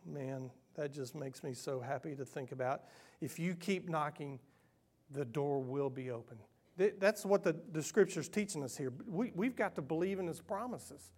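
A middle-aged man preaching a sermon, animated and self-mocking, moving between hushed earnest stretches and loud playful ones. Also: on the high side, moderate pace. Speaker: pastor.

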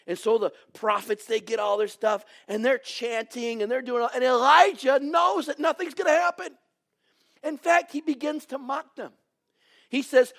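A man with a notably high voice delivers a sermon from the pulpit. He tells his stories with drama, rising to bursts of emphasis and then dropping to hushed, almost whispered lines. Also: moderate pace, gravelly. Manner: dramatic storytelling, swinging from raised exclamations to hushed near-whispers. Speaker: preacher.

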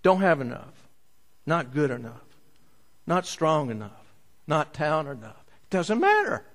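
A man preaching a sermon, telling a story with big swings from loud to soft. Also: a little high, lively intonation, measured pace. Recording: long hall reverb.

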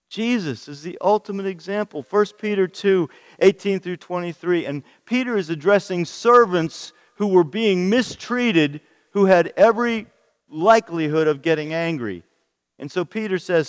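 Slow-speaking preacher in a reverberant hall. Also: male voice, on the high side. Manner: emphatic, rising to stress points, reading scripture aloud. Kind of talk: sermon.

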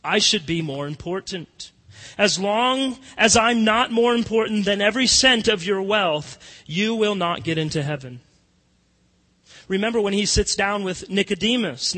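A man preaching a sermon as pastor, emphatic, moving between hushed and loud passages. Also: high-pitched. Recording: long reverb of a church hall.

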